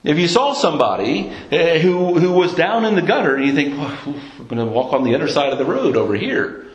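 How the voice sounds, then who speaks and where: A man's voice: fairly high pitch, sing-song, a little fast, reverberant, lo-fi sound. A man preaching a sermon in an earnest tone, often stumbling and repeating words as he searches for the next one.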